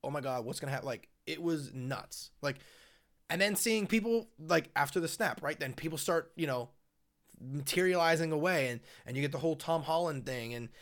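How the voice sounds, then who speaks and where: Casual, rambling podcast chat comes from a young co-host whose voice sits on the high side and sounds a bit bright. He keeps a moderate pace and uses many fillers.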